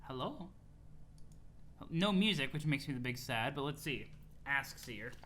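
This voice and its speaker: A young man reading a webcomic aloud on a live stream, excitable and swearing, switching between hype reactions and dramatic read-alouds. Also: medium pitch, measured pace, a little hiss or hum.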